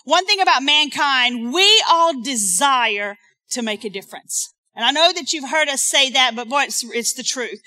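A woman delivers a church sermon in a high, ringing voice with a bright, forceful edge. She keeps the congregation involved and prompts them to repeat key phrases to the people beside them. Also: animated, normal speed. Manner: interactive, calls on the congregation to repeat lines. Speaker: preacher. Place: church sanctuary.

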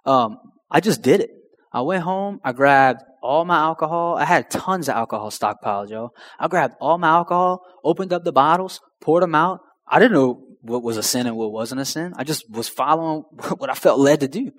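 A man's voice: fairly high pitch, expressive, moderate pace, fairly bright tone. Man, young adult, personal testimony, slangy, talks to the crowd, long hall echo. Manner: slangy and conversational, addresses the crowd directly. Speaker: speaker sharing a testimony.

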